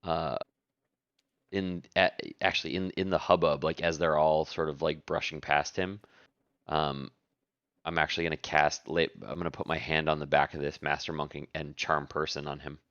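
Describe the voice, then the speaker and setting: A man playing a tabletop game, halting and thinking aloud as he describes his actions. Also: a bass voice, little pitch movement, fairly bright tone, no echo. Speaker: player. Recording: dull, dry home mic.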